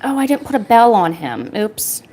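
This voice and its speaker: A woman's voice: mid-range voice, very animated, moderate pace, dark tone. A young woman streaming while she draws, chatting casually in a rambling, self-deprecating, jokey way. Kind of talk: casual chat while drawing.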